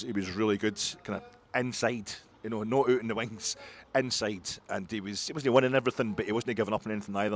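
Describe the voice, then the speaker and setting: A middle-aged Scottish man hosting a fan's post-match reaction, rambling excitably between muttered asides and loud outbursts. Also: lowish voice, slight background noise. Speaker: football podcast host.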